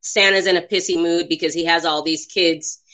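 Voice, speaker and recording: A woman co-hosts a relaxed movie chat, quick to laugh and eager to agree. Her voice is bright and forceful, sitting a little low in pitch. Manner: enthusiastic, laughs often, agrees a lot. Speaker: podcast co-host. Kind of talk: casual chat about a movie.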